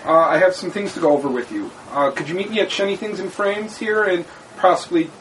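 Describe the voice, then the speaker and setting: A man's voice: sits high, a bit bright, recorded from a distance, a little hiss or hum, rough recording. A man playing a stiff formal court official. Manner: formal, halting, with frequent uhs.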